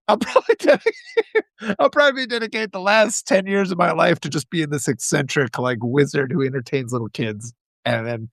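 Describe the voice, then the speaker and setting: A man from Wisconsin rambles happily through a casual morning chat, his voice sitting a bit higher than most men's. The sound is close and dry, with no room around it. He doubles back, restarts, and chuckles as ideas pile up. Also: a bit bright, dry recording. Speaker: host.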